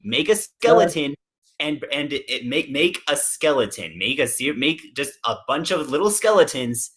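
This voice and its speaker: A man's voice: medium pitch, very animated, moderate pace, a bit bright. Blunt, swearing man giving advice. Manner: blunt, swears, repeats himself for emphasis. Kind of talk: casual chat.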